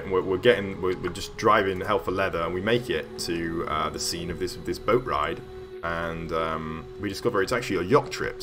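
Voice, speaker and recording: A man streaming casually as he builds a game level, telling a rambling story full of ums and self-corrections. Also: low voice. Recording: streamed voice over background music. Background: background music.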